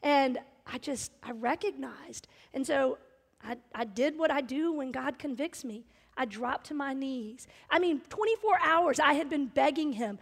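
A woman's voice: high-pitched, measured pace, in a large hall. A middle-aged woman pastor preaching a sermon in a church, telling personal stories earnestly, with emphasis that builds.

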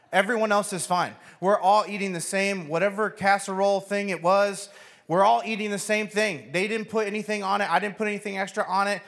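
A man preaching a sermon, telling a funny story with acted-out voices. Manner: storytelling, acts out voices with animated pitch jumps. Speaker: pastor.

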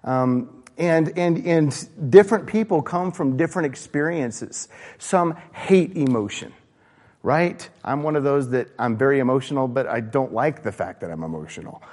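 A preacher from the American South gives a loose, conversational sermon in a church sanctuary, his middle-pitched, darkish voice carrying a long church-hall reverb. Animated and informal at a moderate pace, he asks the congregation questions and fills his talk with asides, fillers and restarts.

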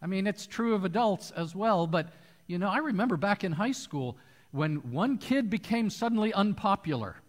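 Man, pastor, sermon, high-pitched voice, animated storyteller, long reverb of a church hall. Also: normal speed.

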